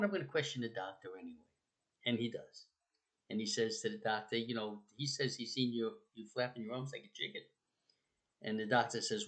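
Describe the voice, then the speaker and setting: A man's voice: brisk, a bit bright. Rambling man telling stories. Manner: rambling, conversational, with many fillers and restarts; acts out quotes with raised pitch. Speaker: speaker on the afterlife. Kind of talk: casual storytelling talk.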